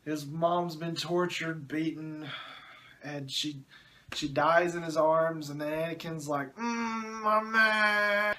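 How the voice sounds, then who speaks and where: A man's voice: on the high side, fairly bright tone. A man reviewing a movie in a sarcastic, exasperated way, often groaning and mocking the dialogue.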